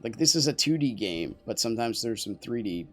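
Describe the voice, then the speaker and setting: This young man is chatting to his stream mid-game, joking and rambling with viewers and teammates. His voice is medium-pitched, expressive, brisk and a bit bright, with faint music behind it.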